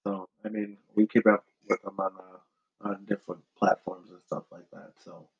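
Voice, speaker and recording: Male podcast co-host, rambling and relaxed, gravelly voice, muffled lo-fi mic. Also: fairly low pitch, normal speed. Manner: laid-back, rambling with many fillers. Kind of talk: casual chat.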